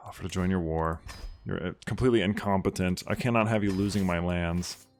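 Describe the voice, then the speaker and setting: Low-voiced man giving casual game commentary. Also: steady tone, moderate pace. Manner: chatty, bursts into loud mock outrage and cheering. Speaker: gaming video host. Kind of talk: casual let's-play commentary.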